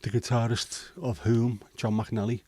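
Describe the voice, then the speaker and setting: Liverpool-accented man, livestream host, casual rambling chat, mellow tone, dry close sound. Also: mid-range voice, little pitch movement, measured pace, no echo. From Liverpool, England. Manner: rambling, hesitant with many ums, mildly sweary banter. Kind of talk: casual chat answering viewer comments.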